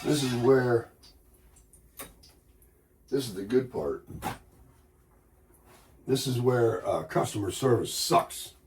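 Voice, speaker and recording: An American man, sick and congested with a hoarse voice, telling a rambling, grumbling story in a casual morning chat. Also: mid-range voice, animated, slow pace, pauses often, darkish tone, a little hiss or hum. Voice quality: husky. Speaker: vlogger.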